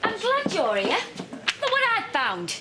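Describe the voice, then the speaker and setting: An actress playing a sharp, sarcastic, defensive woman in a TV soap. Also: very high-pitched, wildly swooping pitch, a little slow, heavy background noise, heavily acted. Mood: bitter. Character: bitter, defensive woman rival cleaner.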